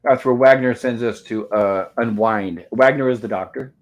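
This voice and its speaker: A man at a mid-range pitch hosts a live panel movie review. He retells the film step by step, reading lines aloud as the scenes play. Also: moderate pace, muffled recording. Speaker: host.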